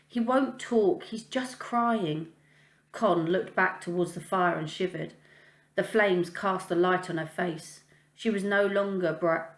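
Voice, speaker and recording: A woman teacher reading a children's novel aloud, in a calm, even storytelling manner. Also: on the low side. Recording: echoey room.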